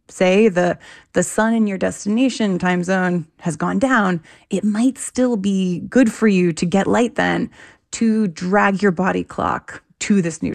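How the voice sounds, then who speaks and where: A woman's voice: mid-range voice, creaky, a little mellow. A woman researcher giving interview answers, explaining in an enthusiastic, plain-spoken way. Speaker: researcher guest.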